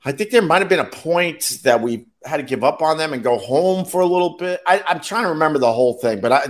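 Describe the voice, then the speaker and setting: A man's voice: fairly high pitch, lively intonation, quick pace. A middle-aged man, casually telling a long rambling story as a podcast host, laughing between phrases and restarting sentences. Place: outdoors near a beach with waves and birds.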